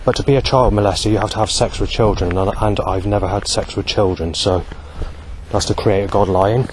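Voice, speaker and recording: A man with a fairly low voice rambles on as he walks along a street, stringing thoughts together with lots of ums. Faint outdoor ambience sits behind him. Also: fairly even intonation, a little fast, a little hiss or hum. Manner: rambling, with many fillers. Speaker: vlogger. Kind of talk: walking monologue.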